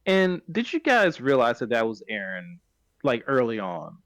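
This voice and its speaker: A man's voice: medium pitch, huge pitch swings, moderate pace, a bit bright, no room sound. A man hosting a podcast, recapping a story in casual chat and often correcting himself mid-sentence. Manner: rambling, self-correcting retelling. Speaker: podcast host.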